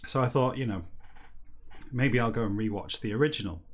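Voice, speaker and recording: A man hosting a comedy stream, rambling wryly between stretches of reading a book backwards aloud. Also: medium pitch. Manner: chatty, rambling and wry, breaking into silly slow-read dialogue. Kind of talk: livestreamed comedic reading and chat.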